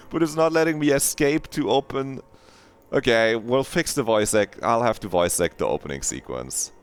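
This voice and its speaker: A man streaming a game, talking casually, excitable and swearing often while he laughs at himself. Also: mid-range voice, moderate pace, clear, resonant tone.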